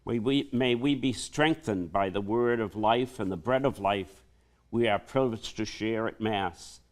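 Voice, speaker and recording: A male priest delivering a homily in a slow, measured preaching manner. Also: on the low side.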